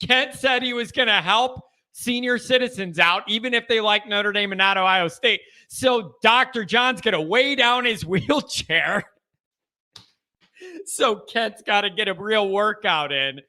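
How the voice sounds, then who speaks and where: A man hosting a call-in sports talk show, animated, joking and opinionated with callers. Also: high voice. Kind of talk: casual call-in chat.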